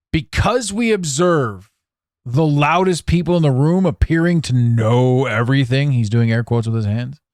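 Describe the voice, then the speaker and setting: A man hosting a solo podcast monologue, animated and theatrical, swearing now and then. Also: mid-range voice, no room sound, clean studio sound. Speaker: podcast host.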